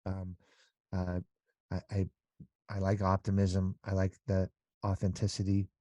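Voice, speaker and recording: A man's voice: low voice, completely flat delivery, measured pace, dark tone, no room sound. A middle-aged man talking as an interview guest in a casual conversation, earnest and rambling with many restarts.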